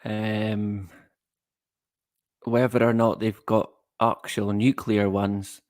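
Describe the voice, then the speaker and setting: A man's voice: fairly low pitch, steady tone, slow, no room sound, studio quality. A man hosting a casual livestream. He rambles from one thought to the next, greets viewers by name and chuckles at his own jokes. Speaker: livestream host.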